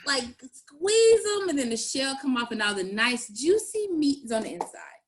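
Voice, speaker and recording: A woman's voice: high voice, sing-song, normal speed, husky. A woman in her forties from Georgia, co-hosting a casual podcast chat, mostly chiming in with short agreeing asides. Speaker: podcast co-host, entrepreneur.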